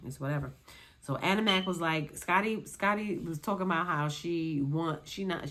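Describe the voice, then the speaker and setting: A woman reviewing a reality show in a sassy, dismissive, repetitive way, speaking. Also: sits low. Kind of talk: casual commentary.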